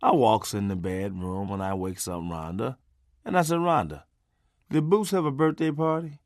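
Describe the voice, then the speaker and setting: A man's voice: fairly low pitch, moderate pace, no echo, studio quality. A middle-aged man narrating his memoir in a punchy, folksy, conversational way with salty language.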